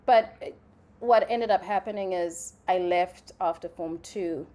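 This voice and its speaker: A young woman from Zimbabwe, a playwright and actress, telling stories in a casual interview, animated and full of "like" fillers. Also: on the low side, measured pace. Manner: animated storytelling, many "like" fillers, acts out quotes.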